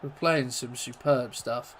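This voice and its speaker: A young man from England casually commentating his own football video game, rambling between plays and shouting when goals go in. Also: mid-range voice, measured pace. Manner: chatty, rambling, bursts into excited goal shouts. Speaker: gaming YouTuber.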